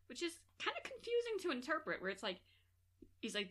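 A woman's voice: high-pitched, huge pitch swings, fairly quick, a bit bright. Giggly woman co-hosting a podcast. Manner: giggly, jokey storytelling. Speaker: podcast co-host. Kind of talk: casual chat.

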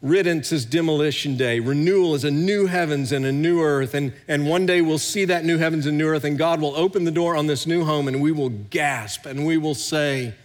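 A middle-aged pastor preaching a sermon, swinging between hushed and loud, recorded in a large church hall. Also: male voice, on the high side, moderate pace, few pauses. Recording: long hall reverb.

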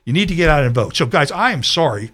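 A man's voice: a little high, very animated, fast, fairly bright tone, breathy edge. A local party official, a man, speaking passionately to viewers about politics and ranting a little as he goes. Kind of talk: political talk addressing viewers.

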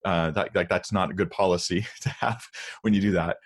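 A man in a conversational podcast discussion, speaking earnestly and emphatically about Bible translations and reading verses aloud slowly. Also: deep voice, fairly even intonation.

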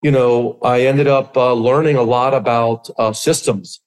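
A middle-aged man, a guest on an interview podcast, telling his story with lively acted-out quotes. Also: medium pitch, unhurried. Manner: animated storyteller, acts out quotes. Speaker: podcast guest, business coach.

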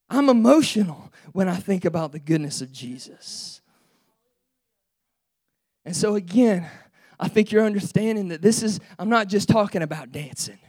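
A man, an assistant pastor, preaching a sermon in an impassioned, shouting preacher's cadence. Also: high voice.

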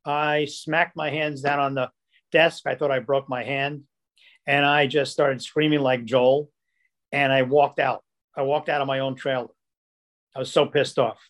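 A man's voice: mid-range voice, a little slow. An older man, a producer, telling stories casually and acting out what people said. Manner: animated, acts out quoted dialogue. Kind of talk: casual storytelling.

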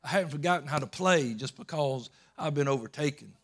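A man preaching a sermon, swinging between loud emphatic peaks and low soft storytelling, often repeating words and restarting. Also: a little fast, breathy edge. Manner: rising to loud emphatic peaks, then dropping low and soft while retelling scripture.

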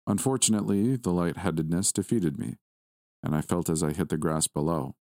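A man reading a first-person horror story aloud at a steady, measured pace. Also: deep voice, dry recording, studio quality. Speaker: story narrator.

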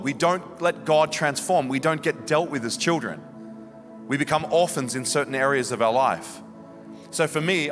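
Impassioned man preaching in a reverberant hall. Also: fairly high pitch. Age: 30s. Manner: impassioned, confessional, swings from quiet to loud. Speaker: guest preacher. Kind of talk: sermon. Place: church hall.

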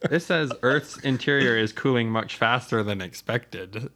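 A man's voice: mid-range voice, unhurried, bright, forceful tone, a little hiss or hum. A man in casual podcast chat, chiming in with short, offhand remarks. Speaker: podcast co-host.

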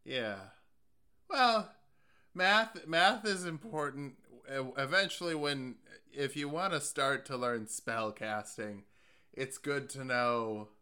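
A man's voice: mid-range voice, slow pace, sharp tone, clear, resonant tone. A man playing his character in a tabletop game, laid-back and laughing easily. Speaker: player.

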